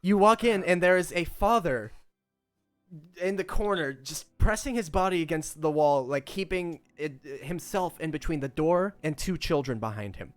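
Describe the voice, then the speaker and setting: A man narrating as game master of a tabletop game, laid-back and quick to laugh. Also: on the high side, lively intonation, no echo, soft background music.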